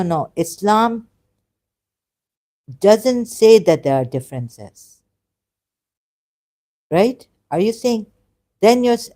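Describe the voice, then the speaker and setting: She speaks with a low-pitched, dark voice. An exasperated religion critic, she reads a video aloud and reacts in casual commentary, arguing back. Her delivery is argumentative and full of stumbles over words.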